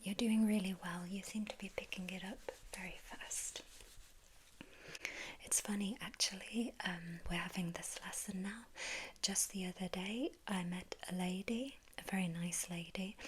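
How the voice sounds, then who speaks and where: A woman with an English accent, teaching in a whispered role-play as a gentle language tutor who prompts the listener to repeat. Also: medium pitch, fairly even intonation, a little slow, background noise.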